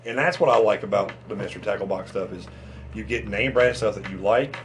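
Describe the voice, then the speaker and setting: Rambling, excitable man chatting about tackle. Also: on the low side, a little fast, a little hiss or hum. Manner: rambling, excitable, lots of restarts and fillers. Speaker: fishing channel host. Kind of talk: casual chat reviewing fishing tackle.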